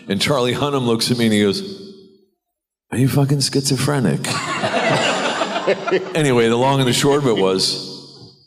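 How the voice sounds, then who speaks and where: A middle-aged American man telling stories on a convention panel, animated and laughing often. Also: mid-range voice, moderate pace, pauses often, heavy background noise. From United States. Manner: animated, laughing, acts out quoted voices. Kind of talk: anecdotal storytelling. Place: large convention hall. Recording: reverberant convention hall.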